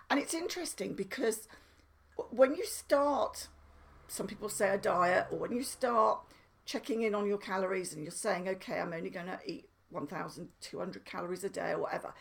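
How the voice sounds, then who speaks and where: A woman's voice: medium pitch, gravelly. A middle-aged woman vlogging in casual chat to camera, chatty and self-mocking, laughing at herself often.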